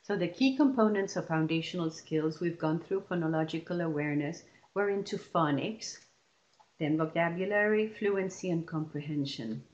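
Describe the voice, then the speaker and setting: A woman leading a lesson for teachers, explaining patiently and stretching example words out slowly. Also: fairly low pitch, a little mellow, muffled recording. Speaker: teacher trainer.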